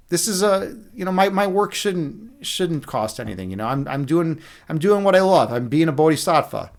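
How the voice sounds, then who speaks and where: Middle-aged male streamer, slightly raised pitch; loose, profane, meandering chat. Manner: chatty, rambling, with many restarts and fillers. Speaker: livestream host. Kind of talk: rambling casual livestream chat.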